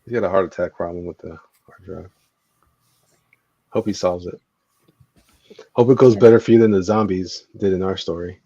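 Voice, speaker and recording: A man in a casual group chat, wry and quick to laugh. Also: deep voice, fairly even intonation, mellow, dry recording, lo-fi sound.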